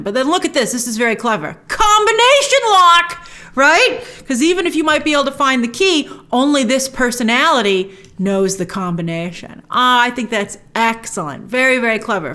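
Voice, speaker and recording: A woman's voice: on the high side, fairly bright tone. A woman hosting a trailer breakdown, chatting enthusiastically with lots of restarts. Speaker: host.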